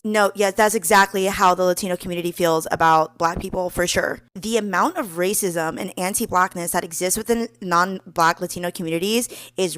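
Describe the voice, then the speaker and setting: A woman's voice: medium pitch, a bit bright, no echo. A woman giving pointed, assertive opinion commentary.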